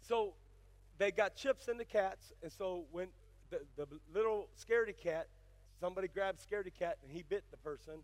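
An older male pastor preaching, moving from folksy storytelling into fiery, shouted exhortation. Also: high-pitched, moderate pace, dry recording. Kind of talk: sermon.

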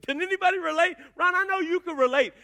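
A man's voice: extremely high pitch, fast. A pastor in his fifties preaching a sermon, telling stories with asides to the congregation. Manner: animated storytelling with asides to the congregation.

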